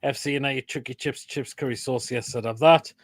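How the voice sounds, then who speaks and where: A man's voice: medium pitch, fairly even intonation, brisk. An English man hosting a casual live stream, giving blunt, crude verdicts on food pictures and reading out viewers' comments. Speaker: host.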